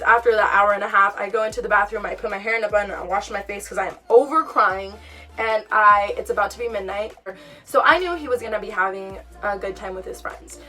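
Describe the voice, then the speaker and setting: A young woman casually telling a storytime on her vlog, acting out what she and others said. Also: mid-range voice. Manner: chatty, animated retelling with quoted dialogue. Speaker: vlogger. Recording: far from mic, music behind.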